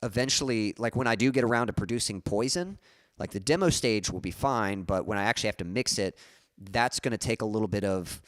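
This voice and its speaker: Relaxed, low-voiced man chatting on stream. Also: no echo, clean studio sound. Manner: relaxed, rambling, many "like" fillers and restarts; reads viewer comments aloud and answers them. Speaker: musician hosting a song-request livestream. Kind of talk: casual livestream chat.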